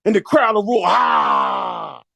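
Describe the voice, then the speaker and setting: A man's voice: sits high, big pitch swings, normal speed, no room sound. A man telling a long story in a profane, slangy way, acting out the quotes as he goes. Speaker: podcast talker. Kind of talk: animated storytelling monologue.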